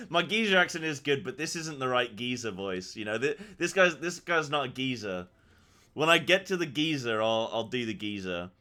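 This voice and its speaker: A male streamer chats casually while he plays. His voice is bright and lively, and it rises and falls a lot. He jokes and makes fun of himself easily. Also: medium pitch, a little fast, faint music behind. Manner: joking, self-deprecating. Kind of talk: casual game stream chat.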